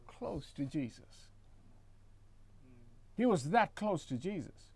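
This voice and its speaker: A man's voice: high-pitched, no room sound. Man, pastor preaching a sermon, dry close sound, calls the crowd to repeat after him. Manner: reads scripture aloud, then explains with emphatic repetition; leads the congregation in call-and-response.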